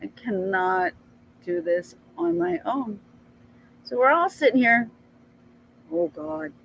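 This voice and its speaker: A middle-aged woman telling a rambling personal story in a casual vlog, chatty and animated. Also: takes it slowly, creaky, highs cut off, a little hiss or hum. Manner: chatty, rambling, animated with frequent jumps in pitch. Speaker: vlogger.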